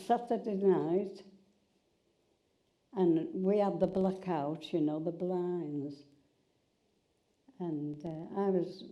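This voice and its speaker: An older woman, chattily telling stories from her past in an oral history interview. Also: on the low side. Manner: chatty storyteller, repeats and restarts. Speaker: interviewee recalling wartime. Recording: slightly dull sound.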